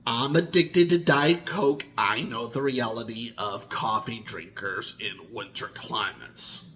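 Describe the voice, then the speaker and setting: Man vlogger, unhurried rambling monologue, bright edgy tone, pitch and volume jumping around. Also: a little hiss or hum. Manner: slow, deliberate, with sudden swings in pitch and loudness. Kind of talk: rambling personal monologue to camera.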